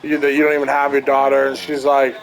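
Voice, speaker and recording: A man's voice: mid-range voice, monotone, fast talker, rough recording. A young man casually telling a long story, rambling and swearing with lots of fillers. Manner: rambling, profane, many "like" fillers. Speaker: streamer.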